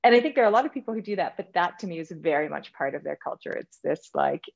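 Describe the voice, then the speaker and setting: A Canadian woman in her forties, a guest in a casual interview, telling animated stories about her family and laughing often. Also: sits low, fast talker, vocal fry. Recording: lo-fi, dull sound.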